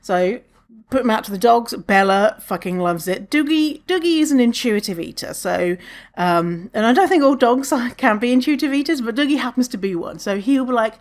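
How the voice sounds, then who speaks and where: A woman's voice: a little high, animated, moderate pace. A woman hosting a podcast, telling a story in a chatty, candid way and swearing freely. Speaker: podcast host. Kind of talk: casual storytelling monologue.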